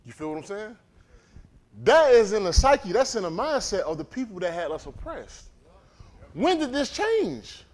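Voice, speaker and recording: Animated high-voiced male preacher. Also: moderate pace. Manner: animated, conversational, quizzes the congregation. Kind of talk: livestreamed sermon.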